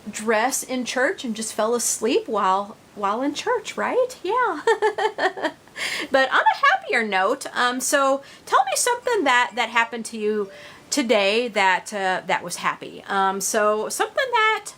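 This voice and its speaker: A woman's voice: a little high, wildly swooping pitch, measured pace, sharp tone. A middle-aged woman vlogging about her reborn dolls, chatting casually to viewers with many fillers and restarts.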